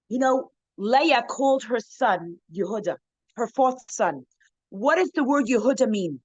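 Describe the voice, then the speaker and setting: A woman with a fairly high voice tells a story to a women's circle over a video call. She speaks in an animated, conversational way, often saying "you know" and restarting her sentences. The call audio is dull and muffled, with a dry sound and no room echo. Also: unhurried. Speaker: rebbetzin giving a talk to a women's circle. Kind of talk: storytelling inspirational talk.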